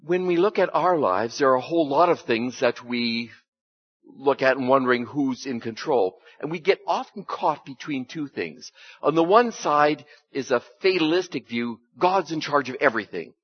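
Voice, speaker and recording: A man's voice: mid-range voice, animated, moderate pace, slightly rough. A man giving a conversational sermon as a pastor, folksy in manner and often asking the congregation rhetorical questions. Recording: dull lo-fi recording.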